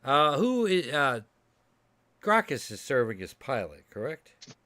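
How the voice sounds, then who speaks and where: A man's voice: medium pitch, very animated, unhurried, pushed and bright. A man narrating as game master of a tabletop game, loose and chatty, laughing often.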